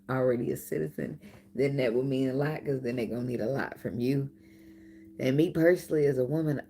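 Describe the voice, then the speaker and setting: Deep-voiced woman reading tarot, cussing and cracking herself up, middle-aged, loose and playful. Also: mellow, a little hiss or hum. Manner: profane, laughing, playful banter. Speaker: tarot reader.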